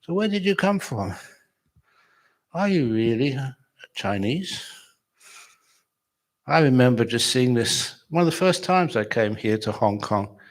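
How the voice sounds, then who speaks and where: Humorous man giving a dharma talk. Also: mid-range voice. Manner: humorous, chatty storytelling with laughs. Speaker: meditation teacher. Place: retreat hall with audience.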